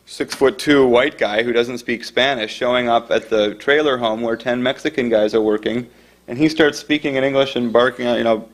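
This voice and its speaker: A middle-aged man giving an informal talk about his book, his voice pitched in a medium range. He speaks conversationally and drifts off on asides. Now and then he acts out the people in his stories. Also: a bit bright.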